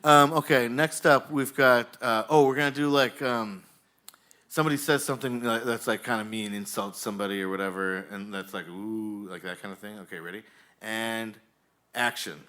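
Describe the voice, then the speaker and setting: A man hosting a live comedy show on a bar stage, directing the audience in a rambling, halting, jokey way with lots of fillers. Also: fairly low pitch, steady tone, bright, forceful tone.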